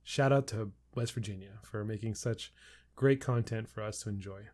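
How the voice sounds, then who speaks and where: A man's voice: lowish voice, normal speed, darkish tone. Laid-back swearing podcast guy. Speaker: podcast co-host. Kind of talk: casual chat.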